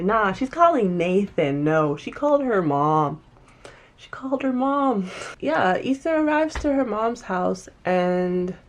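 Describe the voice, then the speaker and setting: A woman casually recapping and reviewing a TV episode, animated and emphatic, often restarting sentences. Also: mid-range voice.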